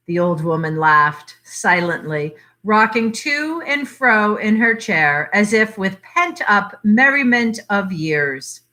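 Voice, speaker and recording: Slow, expressive woman reading a story. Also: mid-range voice. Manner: measured, expressive narration. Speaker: library story reader. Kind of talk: reading a short story aloud.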